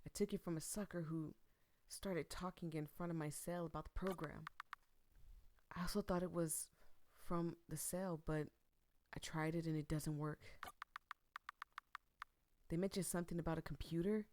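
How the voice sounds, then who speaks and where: A woman voicing a weary, jailed grown man in a game, talking low and confiding. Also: fairly even intonation, normal speed, pauses often, darkish tone, close to an everyday voice.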